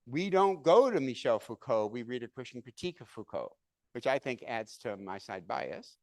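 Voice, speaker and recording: A man's voice: medium pitch, normal speed, dry recording. A middle-aged man giving a seminar lecture, telling stories and asking rhetorical questions as he goes. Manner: animated storyteller, asks rhetorical questions. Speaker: seminar speaker.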